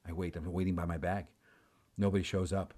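A man preaching, telling a personal story with animated delivery, acting out the dialogue and repeating words. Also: low voice, fairly quick. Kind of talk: storytelling sermon.

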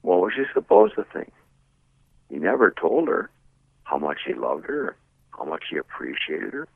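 A middle-aged man giving a personal storytelling talk on servant leadership, expressive and full of rhetorical questions, moving between emphatic and hushed. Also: low voice, moderate pace, vocal fry, breathy edge, no echo. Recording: tinny phone-like radio audio.

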